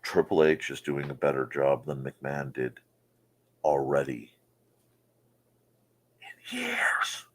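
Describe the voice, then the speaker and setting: A man's voice: extremely low pitch, little pitch movement, normal speed, a little mellow. A man hosting a casual morning chat show, joking and riffing on viewer comments in a goofy manner. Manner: goofy, jokey, mock-announcer asides.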